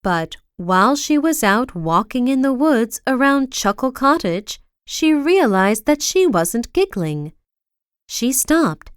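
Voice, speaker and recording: A woman reads a children's storybook aloud, slow and expressive. Her voice is smooth and fairly high, with lively swings in pitch. The close mic gives a dry, intimate sound. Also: no echo. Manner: slow, expressive reading with big swings for effect.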